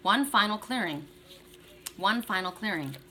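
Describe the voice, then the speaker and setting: A middle-aged woman giving an oracle card reading, speaking in a bright, forward voice. She is chatty and encouraging, talking straight to her viewers. A faint hum of room ambience sits behind her. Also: mid-range voice, animated, measured pace. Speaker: tarot and oracle card reader.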